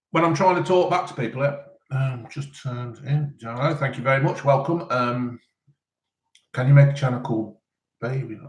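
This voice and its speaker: A man's voice: mid-range voice, fairly bright tone. A man chatting casually on a live stream, eating and answering chat questions in a rambling way full of ums. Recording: roomy echo.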